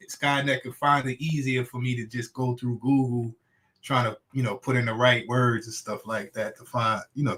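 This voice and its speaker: A man hosting a casual chat stream, animated and emphatic. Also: on the high side. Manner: animated, laughs often, emphatic.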